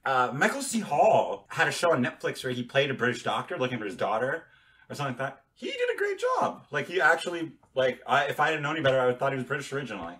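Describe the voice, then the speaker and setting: A man's voice: medium pitch, fast talker, far from the mic. A man in his thirties co-hosting a podcast, chatting casually and profanely about movies. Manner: animated, profane, restarts a lot. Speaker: podcast co-host.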